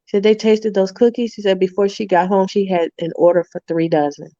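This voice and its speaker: A middle-aged woman talks casually as an interview guest, swinging into lively put-on voices for the people in her stories. Her audio is dry and a little dull, like a remote call. She laughs easily as she tells them. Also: medium pitch, brisk, no echo. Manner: lively storyteller, acts out quoted voices, laughs often. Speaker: guest author and entrepreneur.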